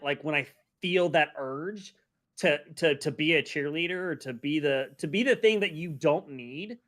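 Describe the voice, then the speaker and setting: A man's voice: a little high, fairly bright tone. Rambling, self-reflective man in casual chat. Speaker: streamer co-host.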